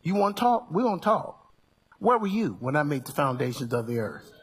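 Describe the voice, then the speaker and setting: A man's voice: fairly high pitch, very animated, a little fast, breathy edge, big-room sound, exaggerated voice. A male preacher voicing God as a stern, teasing figure who challenges a man with rhetorical questions. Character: God, stern and amused, setting a man straight.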